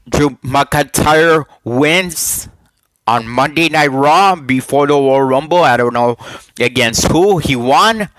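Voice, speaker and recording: A man speaks into a headset mic in a casual home vlog, at a slow, unhurried pace. He talks in halting bursts, repeats words and throws questions at his viewers. The sound is dry and close. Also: on the high side, fairly bright tone, no echo, poor audio. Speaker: YouTuber giving wrestling predictions.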